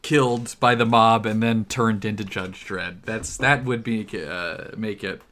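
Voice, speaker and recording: A man's voice: fairly low pitch, fairly even intonation, unhurried, a bit bright. A man co-hosting a podcast in loose, jokey conversation. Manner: jokey, puts on silly voices. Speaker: podcast co-host. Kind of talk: casual chat.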